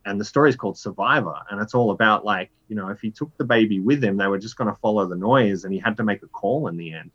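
Guy in his 30s, low voice, rambles with tons of "like", jumps up high when he does his inner voice, kinda muffled audio. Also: quick pace, hardly any pauses, breathy edge. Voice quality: rambling, lots of "like" fillers. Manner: animated storyteller, jumps pitch for inner voices. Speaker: writer, interview guest. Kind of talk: casual conversational interview.

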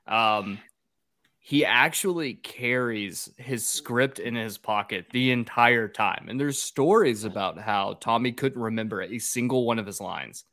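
Give me a mid-pitched man animatedly walking through a film plot on a podcast. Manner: laughing, animated storyteller. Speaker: podcast host recapping a film. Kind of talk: casual chat.

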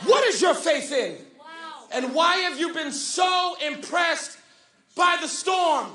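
A young man preaching a sermon, shouting and half-singing at his peaks, then dropping into quick, quiet joking asides. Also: very high-pitched, expressive, roomy sound. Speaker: pastor.

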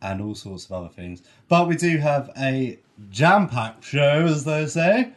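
A man's voice: a little high, sing-song, measured pace. Man with a stuffy head cold. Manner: dry, self-mocking banter. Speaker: podcast co-host. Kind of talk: casual chat.

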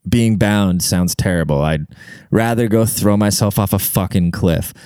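A man's voice: sits low, a little slow, mellow, smooth, no echo, studio quality. A man rambling through a casual comic monologue, profane and self-deprecating, full of fillers. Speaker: comedian and podcaster.

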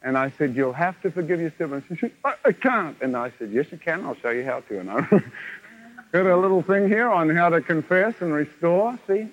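Animated preacher on old tape. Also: male voice, a little high, moderate pace. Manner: animated, acts out quoted dialogue, chuckles often. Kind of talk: revival sermon with storytelling. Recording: lo-fi 1970s tape of a live meeting.

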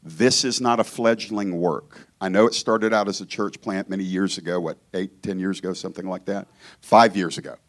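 With a deep voice and steady tone, this Georgian guest preacher talks at a normal speed. His informal sermon is conversational and full of jokes, and he keeps cutting himself off to begin his ideas again.

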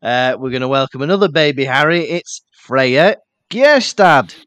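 Smooth, easygoing man hosting. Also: mid-range voice, lively intonation, normal speed, fairly bright tone, no room sound. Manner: easygoing, reads out listener names. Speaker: podcast co-host. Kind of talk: casual chat.

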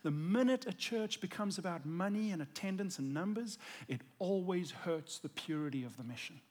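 A man's voice: high voice, lively intonation, normal speed, a little mellow. A male pastor giving a conversational sermon, earnest and emphatic as he tells a personal story.

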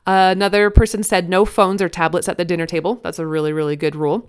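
Woman, 30s, parenting host, smooth clear voice, earnest casual chat, frequent restarts. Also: on the low side, little pitch movement, quick pace. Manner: earnest, chatty, many restarts and fillers. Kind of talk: casual advice talk.

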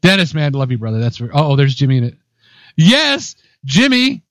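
A man's voice: on the high side, sing-song, moderate pace, fairly bright tone, no room sound. A man co-hosting an internet radio show, chatting casually, laughing and swearing through loose banter. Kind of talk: casual chat.

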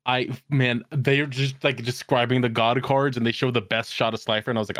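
A man co-hosting a podcast in casual chat, retelling scenes in an animated, profane way. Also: mid-range voice, fairly quick, hardly any pauses, no echo, clean studio sound. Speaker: podcast co-host.

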